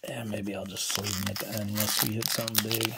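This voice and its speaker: A man opening basketball card packs on camera, commenting quietly and casually as he goes. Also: level tone, fast talker, vocal fry, heavy background noise. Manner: low-key, talks quietly while handling cards.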